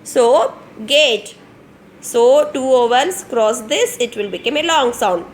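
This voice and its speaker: High-voiced Indian teacher spelling slowly. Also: female voice, animated, a little hiss or hum. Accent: Indian English. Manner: slow, repetitive, spells words out letter by letter to children. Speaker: kindergarten teacher. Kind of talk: online phonics lesson.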